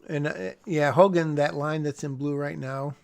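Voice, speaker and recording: A man's voice: fairly high pitch, fairly even intonation, moderate pace, creaky. A man casually commenting on a screenplay he is revising, rambling and breaking off mid-sentence with small chuckles. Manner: rambling, self-interrupting, chuckles at himself. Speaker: screenwriter vlogger. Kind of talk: casual commentary while screen-sharing a script.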